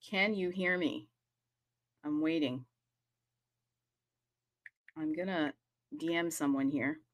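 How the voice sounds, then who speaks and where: A woman's voice: low-pitched, slow pace, no echo. Sassy, bubbly woman hosting a live space. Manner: sassy, playful, bubbly hype talk. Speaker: host of a live audio chat room.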